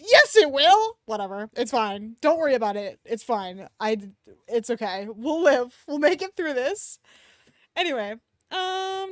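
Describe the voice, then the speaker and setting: A woman streamer reads fanfiction aloud, breaking off into animated, cursing asides. Her fairly high voice swings widely in pitch, and the sound is dry and close to the mic. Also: no echo.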